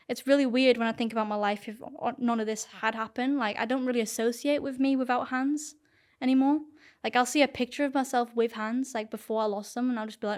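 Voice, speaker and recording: Her voice a little high, steady, and fairly quick, a young woman chats casually to camera as an interview guest. She comes across as earnest and says "like" constantly.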